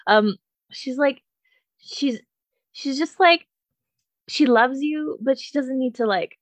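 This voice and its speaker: A woman's voice: sits high, takes it slowly, no room sound. A woman co-hosting a casual podcast, rambling, swearing freely and laughing often. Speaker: podcast co-host. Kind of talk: casual chat.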